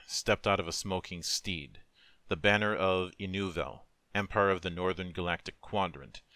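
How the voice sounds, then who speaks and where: A man narrates a dark story in a solemn, measured, emotive voice. His voice is very deep but bright and forceful. The recording is close and dry, with no room sound. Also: no room sound. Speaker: narrator, streamer. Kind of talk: dramatic story reading.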